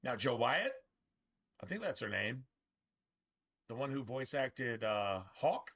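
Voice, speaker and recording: His medium-pitched voice swings widely in pitch and takes things slowly, sounding a bit bright with the highs cut off. As a gaming streamer he rants bitterly, swears constantly, and keeps restarting his rambling sentences.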